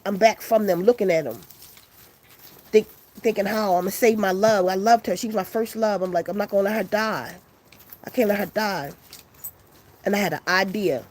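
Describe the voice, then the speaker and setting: A woman casually telling a long story to her viewers, loose and profane, acting out the people in it. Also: medium pitch. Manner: loose, profane, animated retelling with quoted voices.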